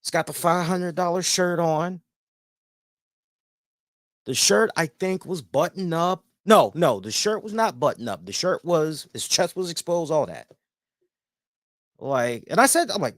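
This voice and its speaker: A man's voice: on the high side, measured pace, pauses often, no room sound, studio quality. A man hosting a casual review show, telling a rambling story with plenty of swearing. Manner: animated, rambling, swears freely. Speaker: host and columnist.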